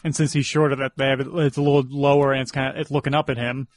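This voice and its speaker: A man's voice: medium pitch, little pitch movement, racing. A man co-hosting a casual film commentary podcast, chatty and analytical, breaking into easy laughter. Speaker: podcast co-host.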